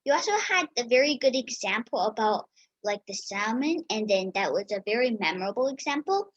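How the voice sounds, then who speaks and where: A woman's voice: a little high, big pitch swings, a little fast, husky, no room sound, lo-fi sound. A woman judging a speech tournament, handing out friendly praise with many ums over a video call. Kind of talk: casual spoken feedback.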